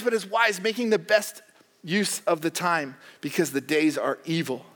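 A man preaching a sermon as pastor, animated and joking, acting out the voices of characters in the stories he tells. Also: high-pitched. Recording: long hall reverb.

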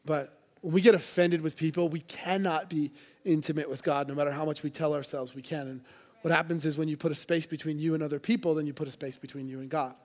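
A man's voice: on the high side, steady tone, fast, hardly any pauses. A man preaching a sermon to a church congregation, earnest and conversational, with playful asides. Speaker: pastor.

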